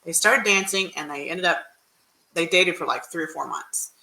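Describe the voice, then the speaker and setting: A woman's voice: lowish voice, normal speed, gravelly, pushed and bright, echoey room, low-quality recording. A woman dating coach telling a story on a livestream, chatty and rambling with many restarts.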